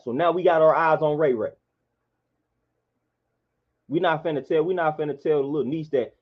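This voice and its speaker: A man's voice: a little high, fairly quick. Impassioned man with a lo-fi sound. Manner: preachy, repetitive, emphatic. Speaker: vlogger. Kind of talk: impassioned monologue. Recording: dull lo-fi sound.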